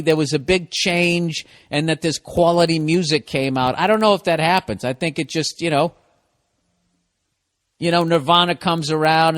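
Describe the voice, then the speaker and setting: A man's voice: a little high, fairly bright tone, dry recording, studio quality. A man hosting a solo comedy podcast, ranting in a profane, sarcastic, rambling way.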